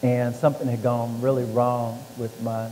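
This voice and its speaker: A man telling stories from his life in an interview, lively and acting out the voices of people he quotes. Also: mid-range voice, normal speed. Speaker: author and former football player. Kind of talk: storytelling interview. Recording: reverberant hall with faint hum.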